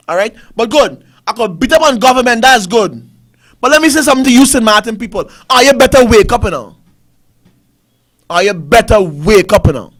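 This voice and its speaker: A man's voice: very high voice, lively intonation, fairly quick, fairly bright tone. A man with a Caribbean English accent, hosting a talk show and ranting about politics with repeated rhetorical questions. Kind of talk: fiery political commentary.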